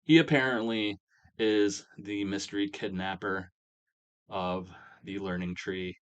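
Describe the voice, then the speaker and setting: Low-voiced man rambling through a recap. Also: steady tone, measured pace, highs cut off. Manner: rambling, filler-heavy storytelling. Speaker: game commentator. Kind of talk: casual recap of a wrestling sim game.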